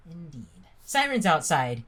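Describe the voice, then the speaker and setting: A woman's voice: low-pitched, sing-song, a little slow, fairly bright tone, husky. A woman reading a text game aloud with friends, breaking into laughter and stumbling over words. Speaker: game player.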